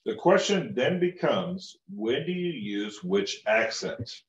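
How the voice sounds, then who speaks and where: A student reads textbook passages aloud in class, steadily, and asks short questions. His mid-range voice is slow with big pitch swings. The recording is roomy, distant and muffled.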